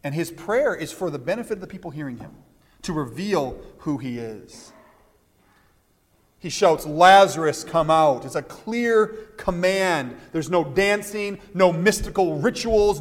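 A man preaching a sermon as pastor, animated, stumbling over restarts and acting out the quoted voices. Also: sits high, unhurried. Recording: long hall reverb.

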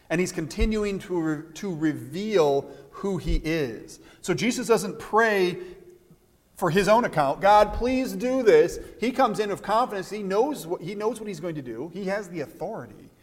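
A long hall reverb trails this pastor's high, lively voice as he preaches at a normal speed. His sermon is animated: he restarts often, repeating words as he does, and brings quoted lines to life with energetic delivery.

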